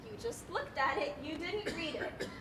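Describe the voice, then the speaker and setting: A woman's voice: extremely high pitch, lively intonation, normal speed, background noise. A woman playing a distraught, pestering woman petitioner in a live stage play, whiny and theatrical, recorded on a school stage. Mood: melodramatic. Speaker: stage actor.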